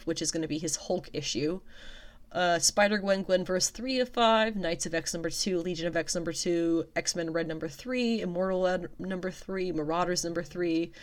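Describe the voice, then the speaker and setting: A woman casually reading out upcoming comic releases, with chatty, wry asides between listings. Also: fairly low pitch. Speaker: comics news vlogger.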